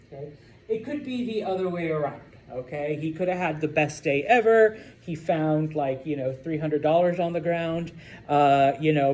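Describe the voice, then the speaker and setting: A man's voice: on the high side, recorded from a distance. Man teaching Spanish in echoey classroom. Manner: lively, repeats "okay?" to check understanding. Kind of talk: classroom lecture.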